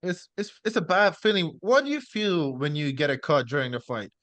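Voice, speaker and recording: A young man hosts a podcast in a high voice, excitable and blunt, swearing freely. He talks fast and loose. The recording is dry and close to the mic. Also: no room sound. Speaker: podcast host. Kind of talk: casual podcast interview.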